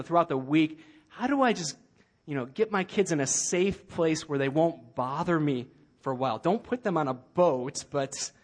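A man preaching a sermon as pastor, earnest with light humor, slowing down to repeat key phrases. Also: a little high.

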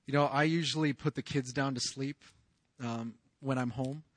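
A man in his thirties preaching a sermon in an earnest, confessional way, moving from hushed lines to loud raised outbursts. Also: medium pitch, fairly even intonation, normal speed, no echo. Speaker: pastor.

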